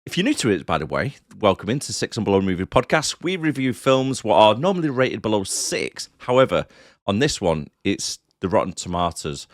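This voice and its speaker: A man's voice: fairly low pitch, very animated, fairly quick, dry recording, studio quality. A man co-hosting a casual movie podcast, full of banter and wisecracks. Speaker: podcast co-host.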